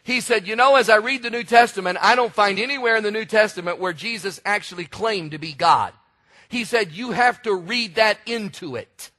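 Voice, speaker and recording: A male preacher delivers a sermon in a high, bright and forceful voice. He tells stories with lively energy and now and then bursts into shouts to drive a point home. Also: normal speed. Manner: animated storytelling preacher, shouts for emphasis. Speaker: pastor.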